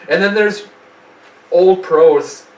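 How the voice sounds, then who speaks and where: A man's voice: sits high, slow. Casual man in a roomy distance. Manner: loose, profane banter, jokey. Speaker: podcast co-host. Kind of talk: casual chat. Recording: roomy, distant mic with faint noise.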